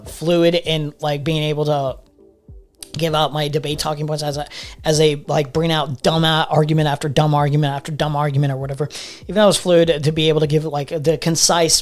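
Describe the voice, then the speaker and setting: A live commentary streamer ranting in an exasperated, profane way, often repeating words while reacting to a debate clip. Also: mid-range voice.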